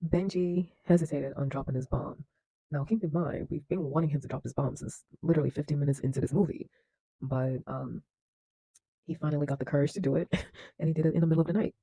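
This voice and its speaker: A man with a mellow, warm voice talking through a movie scene by scene. He chats casually, laughing here and there and using lots of fillers. The sound is close and dry. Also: on the high side, steady tone, quick pace, creaky, slightly rough, no room sound, low-quality recording. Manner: chatty, leans on fillers, laughs often. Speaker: film reaction host. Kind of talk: casual movie recap and commentary.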